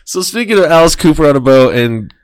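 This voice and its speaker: A man hosting a casual podcast chat, animated and laughing often, acting out phone calls in funny voices. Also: a little high, brisk, clear, resonant tone, no room sound.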